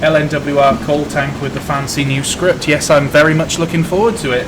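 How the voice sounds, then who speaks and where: A man with a somewhat high voice chats casually over a live stream while playing, joking and thinking aloud with plenty of fillers. A steady noise floor hums behind him throughout. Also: a little fast. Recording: noisy stream audio.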